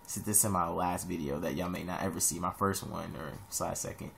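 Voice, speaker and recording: A young man from Columbus, Ohio, giving rambling casual advice in a vlog, animated with sudden high-pitched jumps. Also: brisk, vocal fry, heavy background noise.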